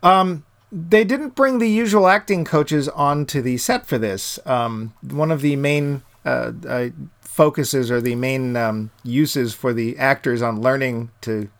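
A man's voice: mid-range voice, unhurried. A man co-hosting a movie podcast, talking casually and reading plugs with jokey mock hype. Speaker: podcast co-host. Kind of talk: casual chat.

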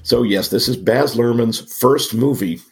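A man with a cold and a raspy, gravelly voice, co-hosting a casual podcast with wry, self-mocking asides. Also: mid-range voice, measured pace, faint music behind. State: has a cold. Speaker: podcast co-host.

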